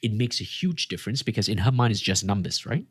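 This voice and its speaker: Husky low-voiced man telling a story. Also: fast talker, no room sound, clean studio sound. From Australia. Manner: animated storyteller acting out quotes. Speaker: fitness coach guest. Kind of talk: casual podcast conversation.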